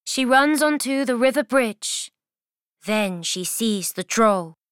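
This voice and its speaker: A woman reading a children's story aloud in clear, simple, deliberate sentences. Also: a little high, lively intonation, no echo, clean studio sound. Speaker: storybook reader.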